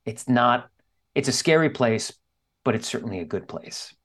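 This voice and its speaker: A man's voice: medium pitch, animated, normal speed, fairly bright tone. Earnest man telling a personal story. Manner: earnest, openly emotional storytelling. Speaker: guest author. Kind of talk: candid podcast interview.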